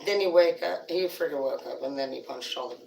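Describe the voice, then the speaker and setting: A woman's voice: extremely low pitch, brisk, gravelly, darkish tone, a little hiss or hum. A woman hosting a casual livestream, telling rambling stories full of swearing. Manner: rambling, profane storytelling. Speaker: livestream host. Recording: roomy sound from a distant mic.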